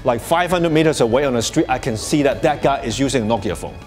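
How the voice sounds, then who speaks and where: Speaking over music at a quick pace, a man with a medium-pitched, lively voice leads a live workshop for an audience. His talk is conversational, full of restarts and "you know"s, and he chuckles often as he explains things.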